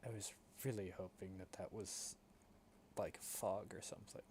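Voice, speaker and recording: Male player with a lowish voice, casual and self-deprecating, faint room noise. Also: level tone, moderate pace, darkish tone. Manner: self-deprecating, thinking aloud. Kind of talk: casual tabletop game chat.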